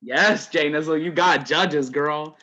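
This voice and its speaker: A man's voice: on the high side, slow pace, muffled recording, noisy background. A man hosting an online competition game over group voice chat, loose and chatty, with laughs between announcements.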